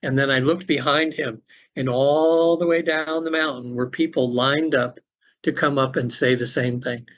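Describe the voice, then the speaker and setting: A middle-aged man, a podcast guest, telling a personal story in an earnest, halting way with many restarts, over a remote call. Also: medium pitch, fairly even intonation, fairly bright tone. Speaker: podcast guest, afterlife facilitator.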